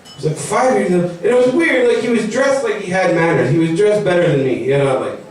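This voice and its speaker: A young man doing stand-up comedy. His voice sits a bit high, and he rambles in an animated way. It sounds very echoey and distant, as if the mic were far off in a live room. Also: fast talker. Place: comedy venue.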